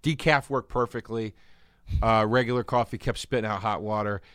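A man's voice: on the low side, fairly even intonation, normal speed, a bit bright, smooth, no room sound, studio quality. A man, a guest comedian, telling rambling, self-deprecating stories in casual chat.

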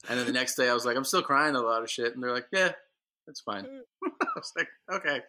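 A man's voice: medium pitch, very animated, a little fast, bright, forceful tone. A man chatting casually on a podcast, rambling with fillers and laughing at himself. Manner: rambling, self-deprecating, many fillers and laughs. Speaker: podcast co-host. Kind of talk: casual chat.

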